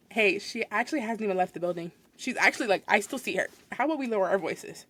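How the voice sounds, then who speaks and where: A woman's voice: fairly high pitch, fast talker, hardly any pauses, no echo. A young woman hosting a podcast, telling a work story in a casual, exasperated way with frequent laughs. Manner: animated, exasperated retelling with laughs. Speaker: podcast host.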